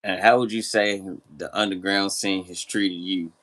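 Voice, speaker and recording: A man hosting a casual interview who asks his questions haltingly and rephrases them as he goes. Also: low voice, steady tone, fairly bright tone. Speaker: interview host.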